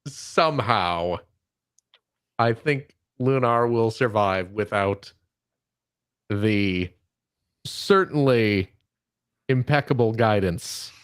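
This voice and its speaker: A man's voice: lowish voice, clean tone. A middle-aged man co-hosting a podcast, chatting casually with dry sarcastic humor. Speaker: podcast co-host. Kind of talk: casual chat.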